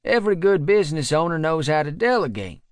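A man's voice: on the high side, very animated, fast, no room sound, clean studio sound, pitched above the performer's own voice. A man reading an audiobook, voicing a teasing male friend who owns a bar, in a sing-song tone. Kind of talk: audiobook character voice.

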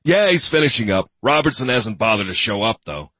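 A man's voice: medium pitch, big pitch swings, a little fast, bright, forceful tone, husky, dry recording, voice pushed up, heavily acted. A man narrating an audiobook voices a worn-down veteran police detective. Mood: weary. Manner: weary, strained. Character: burned-out veteran male cop, worn down.

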